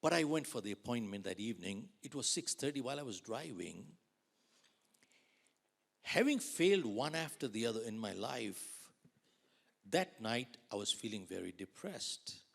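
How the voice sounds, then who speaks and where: A man in his sixties from India, giving a dramatic storytelling keynote that swings between loud outbursts and near whispers. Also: mid-range voice, expressive, moderate pace, gravelly. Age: 60s. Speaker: motivational speaker.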